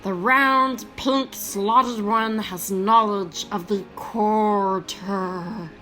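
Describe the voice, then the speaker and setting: A woman intoning a slow, solemn little alien prophet. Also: medium pitch, bright, forceful tone, soft background music, rough recording. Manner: slow, grave, ceremonial delivery. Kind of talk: reading game dialogue aloud.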